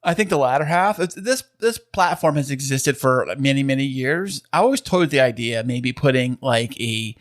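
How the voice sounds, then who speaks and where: A man's voice: mid-range voice, lively intonation, normal speed, few pauses, no echo, studio quality. A man co-hosting a podcast, chatting casually and joking about his weekend and the show's new features. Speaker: podcast co-host. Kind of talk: casual chat.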